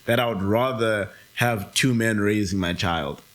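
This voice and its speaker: A man co-hosting a casual podcast, rambling and correcting himself, quick to laugh. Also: lowish voice, a bit bright. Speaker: co-host.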